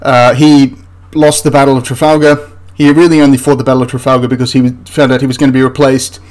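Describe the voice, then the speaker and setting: A man's voice: mid-range voice, little pitch movement, quick pace, a little mellow. A man hosting a history channel, ranting through a film critique in an exasperated, rambling way with frequent restarts.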